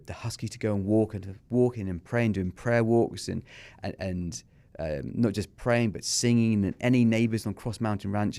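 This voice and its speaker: A warm, gravelly voice on the low side belongs to a middle-aged man from England with an English accent. As a podcast guest and small business owner, he narrates his personal history candidly and earnestly in an interview, confessing openly and acting out remembered lines.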